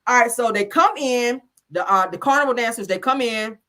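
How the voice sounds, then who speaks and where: A woman's voice: a little high, moderate pace, bright, forceful tone. A woman giving a sassy, chatty casual recap of a reality show, calling her listeners honey and child.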